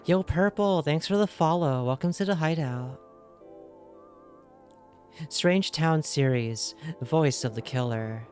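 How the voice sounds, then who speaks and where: A woman's voice: deep voice, lively intonation, takes it slowly, darkish tone, soft background music. A young woman streaming a game, chatting casually and asking her viewers lots of questions. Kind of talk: casual livestream chat.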